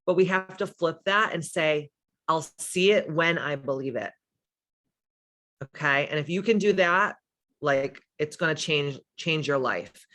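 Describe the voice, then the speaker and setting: A woman's voice: low voice, measured pace, a bit bright. A woman hosting a casual livestream who talks in an emphatic, candid way, swears freely and reads out viewers' comments. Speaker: livestream host and spiritual coach.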